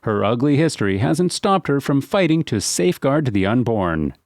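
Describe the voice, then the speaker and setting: A man's voice: medium pitch, big pitch swings, normal speed, no room sound, studio quality. A man reading a scripted narration that introduces each speaker in a formal, announcing way.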